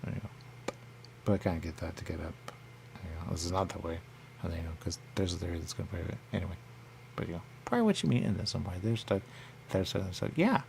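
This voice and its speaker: Man, deep low voice, gravelly fry, rambling solo radio talk, repeats one catchphrase, faint hiss behind. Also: lively intonation, quick pace. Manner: rambling, repeats "there you go" constantly; acts out others in a high voice. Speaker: radio show host.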